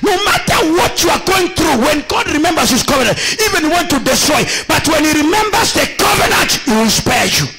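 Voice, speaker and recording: A man with a Kenyan accent preaching a sermon as a bishop, using call-and-response and repeating his lines back to the congregation, shifting between shouted, sing-song declarations and quieter asides. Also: extremely high pitch, sing-song, fairly quick, few pauses, rough recording. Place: church.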